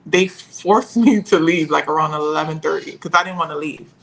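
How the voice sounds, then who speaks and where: A young woman telling a painful personal story as a podcast guest, pausing and searching for her words. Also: low-pitched, creaky, a bit bright, poor audio.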